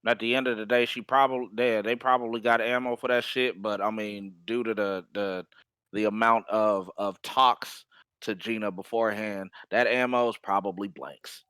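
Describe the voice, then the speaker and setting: Laid-back, bright-toned man using slang. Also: fairly low pitch, fairly even intonation, normal speed, smooth, no room sound. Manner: laid-back slang, swears, laughs along. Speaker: podcast co-host. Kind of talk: casual podcast chat.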